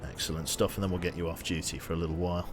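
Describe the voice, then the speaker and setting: A man's voice: low-pitched, steady tone, rapid-fire, background noise. A man chatting casually while streaming a game, rambling with lots of fillers and restarts. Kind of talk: casual gaming livestream commentary.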